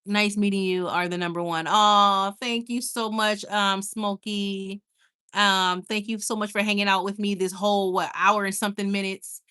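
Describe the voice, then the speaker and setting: A woman's voice: medium pitch, little pitch movement, moderate pace, pushed and bright, clean tone. A woman hosting a casual livestream late at night, chatting with viewers and reading their comments. She laughs often, stumbles and restarts her sentences, and sounds tired.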